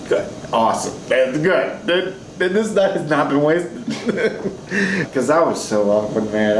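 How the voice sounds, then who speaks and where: Rambling young man, slow and roomy. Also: mid-range voice, noisy background. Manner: rambling, laughing, acts out quotes. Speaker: groom telling his love story. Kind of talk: tipsy storytelling to camera.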